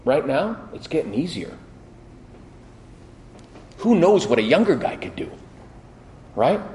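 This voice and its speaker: A middle-aged man preaching a sermon, telling stories with lively quoted voices and frequent restarts. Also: a little high, a little slow, a little hiss or hum. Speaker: pastor. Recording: echoey hall.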